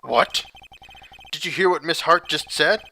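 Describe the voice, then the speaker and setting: A man's voice: a little high, measured pace, gravelly, bright, forceful tone, full character voice. Give me an earnest young lawyer, read by a man, declaiming, with music under. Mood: assertive. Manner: assertive, declaiming.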